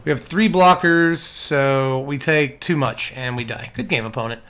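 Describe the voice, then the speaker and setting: A man's voice: medium pitch, moderate pace, a bit bright, smooth. A man giving wry, laid-back play-by-play commentary on a card game. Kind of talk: casual gameplay commentary.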